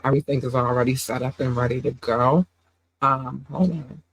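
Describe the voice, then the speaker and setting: A woman hosting a casual livestream podcast while under the weather, low on energy, talking in an affectionate, rambling way with lots of fillers. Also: steady tone, moderate pace, husky, poor audio. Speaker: podcast host.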